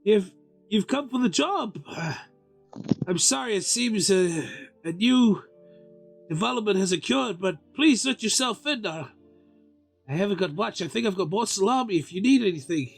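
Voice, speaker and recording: A man's voice: high voice, lively intonation, normal speed, gravelly, soft background music, full character voice. A man voicing a bumbling, well-meaning male paladin in a tabletop game, rambling and stammering with constant apologies. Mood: awkward, friendly. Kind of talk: tabletop game role-play.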